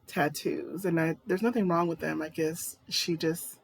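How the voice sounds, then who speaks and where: A woman's voice: low-pitched, steady tone, unhurried, gravelly. Chatty, rambling woman vlogger. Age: adult. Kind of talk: casual personal vlog.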